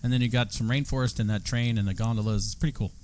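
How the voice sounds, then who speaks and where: A man's voice: lowish voice, steady tone, racing, darkish tone, a little hiss or hum. An American man as a guest in a casual travel conversation, chatty and enthusiastic, laughing often. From United States.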